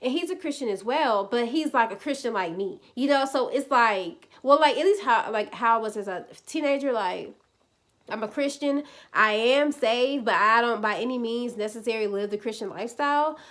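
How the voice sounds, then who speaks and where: A woman's voice: fairly high pitch, animated, moderate pace, fairly bright tone. A woman in her twenties casually telling a personal faith story to viewers, chatty and full of "like" fillers. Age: 20s. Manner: chatty, many "like" fillers, speaks to viewers as "y'all". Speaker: vlogger sharing a personal testimony.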